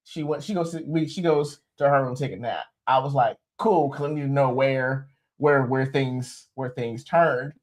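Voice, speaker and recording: A man's voice: medium pitch, normal speed. A young man, rambling and joking as he tells a story on a livestream. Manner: rambling, joking, with many restarts and laughs. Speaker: co-host, expectant father. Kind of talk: casual storytelling chat. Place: home livestream.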